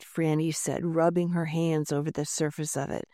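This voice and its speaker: A woman reading a children's book aloud, expressive and lively. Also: low voice, normal speed, few pauses, dry recording, clean studio sound. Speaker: storyteller.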